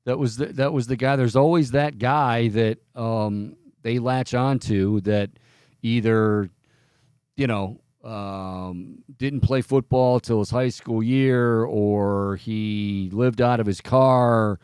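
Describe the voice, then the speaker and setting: A man's voice: medium pitch, fairly even intonation, slow pace, darkish tone, clear, resonant tone, no echo, clean studio sound. A man hosting a sports radio talk show, rambling and opinionated, often cutting himself off mid-sentence. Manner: rambling, self-interrupting, opinionated. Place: radio studio.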